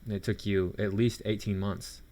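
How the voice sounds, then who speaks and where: A man's voice: lowish voice, little pitch movement, moderate pace, mellow. A man commenting on a video clip, talking in a sarcastic, scornful way. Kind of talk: reaction commentary.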